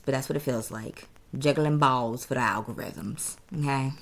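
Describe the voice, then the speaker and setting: Sassy gravelly-voiced woman coach. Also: lowish voice, a bit bright. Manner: sassy, playful, talks straight to the viewer with "honey" and "okay". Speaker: business coach. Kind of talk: casual direct-to-camera coaching pitch.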